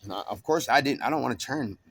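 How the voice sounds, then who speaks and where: Aggrieved man vlogging, rambling and profane, mid-pitched, faint background noise. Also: expressive, quick pace. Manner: aggrieved, rambling, with repeated restarts and swearing. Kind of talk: rambling monologue to camera.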